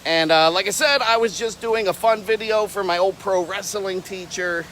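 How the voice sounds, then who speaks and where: On an outdoor livestream, this reptile keeper, a young man from Florida with alligators, talks in a playful, rambling way and keeps wandering off on tangents. He speaks at a moderate pace in a high-pitched, bright, forceful voice, and the rough recording carries a little hiss or hum.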